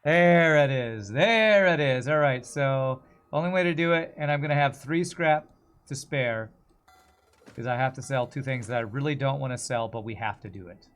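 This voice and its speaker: A man's voice: mid-range voice, fairly even intonation, normal speed. Chatty male game streamer. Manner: chatty, reads and answers chat while playing. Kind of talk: casual gameplay commentary.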